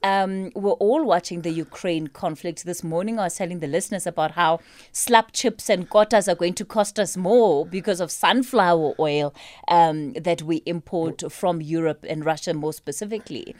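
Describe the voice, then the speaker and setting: A woman's voice: fairly low pitch, normal speed, a little mellow, dry recording. A woman hosting a radio studio interview, chatty and cheerful, asking long rambling questions. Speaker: radio show host. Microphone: studio microphone.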